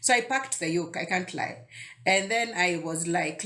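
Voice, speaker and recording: A woman's voice: lowish voice, very animated, moderate pace, a bit bright. A woman hosting a casual devotional talk, conversational and often repeating words as she thinks aloud. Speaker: devotional video host.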